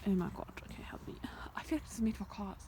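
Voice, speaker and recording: A young woman talks to a handheld camera outdoors, her pitch leaping up and down as she frets and chatters. She keeps slipping into a hushed whisper. The outdoor recording is full of noise and open-air ambience. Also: expressive, racing. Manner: nervous, chatty, often drops to a whisper. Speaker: vlogger. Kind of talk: casual walking vlog. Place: outdoors on a rural hillside.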